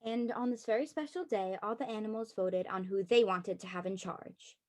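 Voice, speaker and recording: A woman reading a children's storybook aloud at a church service, gentle and even. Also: mid-range voice, normal speed.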